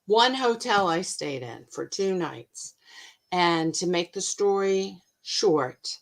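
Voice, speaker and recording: Chatty American woman telling stories. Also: on the low side. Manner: animated, chatty, expressive. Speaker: host and mindfulness coach. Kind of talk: casual storytelling to camera.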